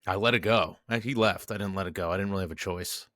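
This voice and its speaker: A man's voice: deep voice, quick pace, sharp tone, no room sound, clean studio sound. Rambling male sports podcast host. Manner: rambling, self-mocking, mimics players in jokey voices. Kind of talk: casual sports chat.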